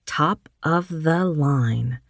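A woman narrating an audiobook in a measured, steady reading. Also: deep voice, no room sound, studio quality.

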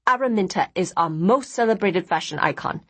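A breathless young woman, starstruck and eager for every detail, as a woman voices her. Her voice rises and falls freely, a bit husky. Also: fairly low pitch, expressive, a little fast, fairly bright tone, exaggerated voice.

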